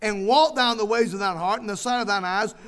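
A man's voice: high voice, fast talker, a bit bright. A male pastor preaching a sermon, reading scripture aloud and stressing his points with emphatic repetition.

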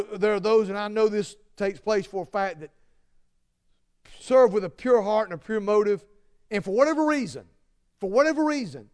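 Male preacher, high and clear voice, earnest sermon delivery that swings from forceful to hushed. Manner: earnest, emphatic, repeats phrases, swings from loud to hushed.

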